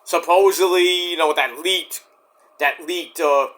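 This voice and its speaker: Rambling, profane man with a bright voice. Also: a little high, unhurried. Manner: rambling, profane, many restarts. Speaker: vlogger. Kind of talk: casual wrestling rant.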